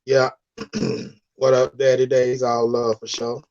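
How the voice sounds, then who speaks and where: A man's voice: mid-range voice, little pitch movement, slow pace, darkish tone. A man hosting a casual live stream, talking loosely in slang and reading out chat comments. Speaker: livestream host. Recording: dull lo-fi stream audio.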